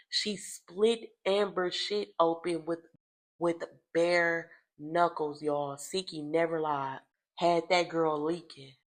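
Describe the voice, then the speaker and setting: Animated, profane woman recapping reality TV. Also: fairly low pitch. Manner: animated, profane, dramatic storytelling with sudden loud outbursts. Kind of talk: casual gossipy commentary.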